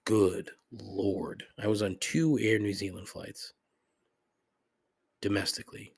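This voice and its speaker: A man's voice: on the low side, fairly even intonation, slow, breathy edge. A middle-aged man hosting a podcast, ranting in a casual, comedic, profane and rambling way. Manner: profane, rambling, griping, frequent laughs and asides. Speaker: podcast host.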